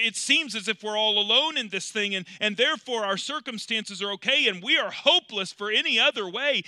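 A man preaching a sermon in a very bright, slightly high voice. He moves from loud, emphatic lines to quiet, slow storytelling and stretches the words he wants to stress. The sound is close and dry, with no room echo. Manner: swings between loud, emphatic passages and quiet, drawn-out ones. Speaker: pastor.

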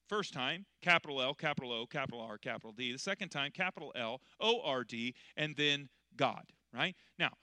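A middle-aged man preaching a sermon in church as pastor, swinging between loud, emphatic preaching and quiet, conversational explaining. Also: medium pitch, no room sound.

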